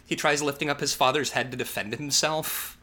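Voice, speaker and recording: A man co-hosting a podcast, recapping a horror movie in a casual, sarcastic and profane way, with lively asides. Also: mid-range voice, brisk. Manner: animated, profane, sarcastic recapping with acted-out quotes. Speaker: podcast co-host.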